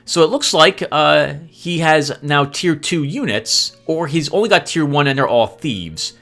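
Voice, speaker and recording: A man's voice: fairly high pitch, expressive, measured pace, a bit bright, faint music behind. A man giving chatty gameplay commentary as host, laughing often and sounding sheepishly apologetic. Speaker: let's play host.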